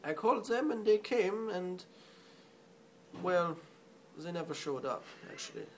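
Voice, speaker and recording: A man's voice: high voice, animated, measured pace, a little hiss or hum. A man doing a pompous German guy. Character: self-important German man.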